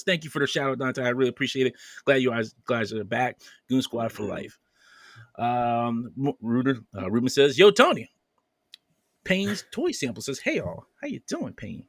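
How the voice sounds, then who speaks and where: A man's voice: mid-range voice, expressive, normal speed, creaky, a bit bright, no echo, studio quality. A man hosting a podcast, casually reading viewer comments aloud with playful banter and frequent laughter. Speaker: podcast host.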